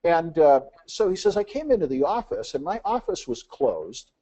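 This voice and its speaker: A man's voice: fairly high pitch, sing-song, normal speed, dark tone. A man giving a business presentation, telling anecdotes and acting out the dialogue, with frequent "uh" fillers.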